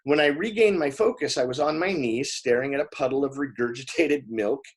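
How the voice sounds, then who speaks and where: A man reading a novel aloud in expressive first-person narration, with small slips along the way. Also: medium pitch, fairly quick, husky. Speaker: audiobook reader.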